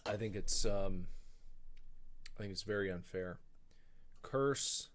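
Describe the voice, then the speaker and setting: Grumbling and thinking aloud, a man streams a video game with loose, rambling commentary. His voice sits on the low side and he takes his time.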